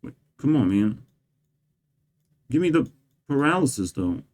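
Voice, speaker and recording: A man's voice: medium pitch, very animated, unhurried, darkish tone. A man delivering a rambling, profane and sarcastic monologue as a vlogger. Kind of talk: ranting monologue.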